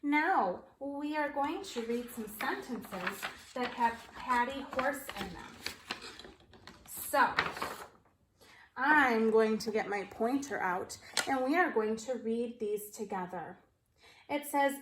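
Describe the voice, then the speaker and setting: A woman teaching a phonics lesson to kindergartners on video, speaking slowly and in a sing-song manner as she reads and spells along. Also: on the high side, animated, a bit bright. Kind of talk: video lesson for young children. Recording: echoey room.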